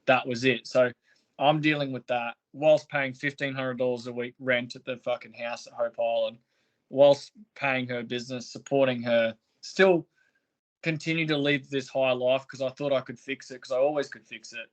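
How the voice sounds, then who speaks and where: A man's voice: mid-range voice, fairly even intonation, normal speed. A man, a podcast guest, telling his story in a blunt, aggrieved way with heavy swearing. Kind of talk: candid interview storytelling.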